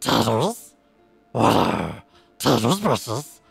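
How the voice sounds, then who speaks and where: Gollum, raspy and grasping. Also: male voice, mid-range voice, sing-song, very slow, no room sound, faint music behind, exaggerated voice. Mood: grasping, raging. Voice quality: raspy, gravelly growl. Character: scheming creature Gollum, raw and grasping.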